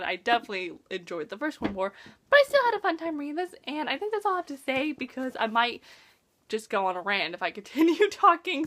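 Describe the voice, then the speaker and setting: Animated high-voiced woman book vlogger. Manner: animated, exasperated, rapid-fire retelling. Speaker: book reviewer host. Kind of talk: casual book review vlog.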